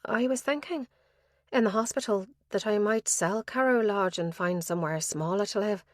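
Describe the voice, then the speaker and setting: A woman narrator voicing a grieving young woman who is tearful, soft and hesitant. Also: medium pitch, moderate pace, no room sound, studio quality, voice pushed up, natural voice.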